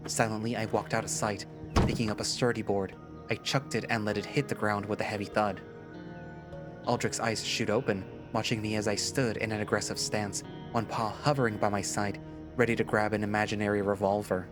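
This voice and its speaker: A man narrating a first-person story in a lively storytelling manner. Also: on the low side, moderate pace. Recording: music playing behind.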